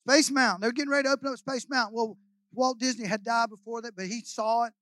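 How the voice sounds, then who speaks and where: A man, preaching as a guest pastor in a folksy, joking way, repeating phrases and swinging between quiet asides and loud shouts. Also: extremely high pitch, fairly even intonation, fast, dry recording. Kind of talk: sermon.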